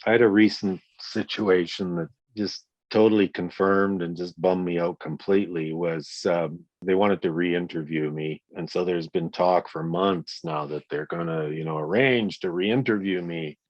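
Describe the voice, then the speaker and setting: A man in his sixties speaks bluntly and forcefully in an interview and curses freely. His voice sits a little low. The recording is dry and slightly dull. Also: steady tone, normal speed, few pauses, dry recording. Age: 60s. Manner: blunt, profane, emphatic storytelling. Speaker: guest, victim's father. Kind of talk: interview conversation.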